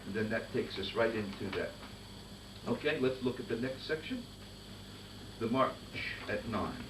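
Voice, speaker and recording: A man leading a band master class, giving brisk directions and singing rhythms in nonsense syllables to demonstrate. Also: mid-range voice. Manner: sings rhythms in nonsense syllables while explaining. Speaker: conductor teaching a master class. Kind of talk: band rehearsal instruction. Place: rehearsal room with a band. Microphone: distant recorder. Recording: echoey room, far from mic, noisy.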